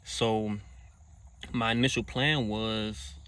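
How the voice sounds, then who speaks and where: A man's voice: lowish voice, steady tone, slow pace, fairly bright tone, clean tone. A man casually recounting a personal story in profane slang, acting out quoted lines in a raised voice. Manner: profane slang-heavy talk.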